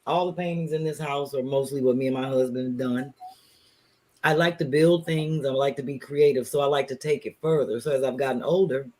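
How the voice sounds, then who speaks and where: A middle-aged woman with a St. Louis accent tells stories in a relaxed interview. Her voice sits low for a woman. She acts out the people she quotes. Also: brisk. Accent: St. Louis, Missouri. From St. Louis, Missouri. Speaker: guest, comedian. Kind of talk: casual interview chat.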